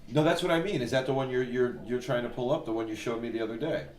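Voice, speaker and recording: A man with an ordinary mid-range voice, co-hosting a relaxed livestream chat about a football draft. He trades easygoing banter and drops quick side comments. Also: mid-range voice, low-quality recording. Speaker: livestream co-host.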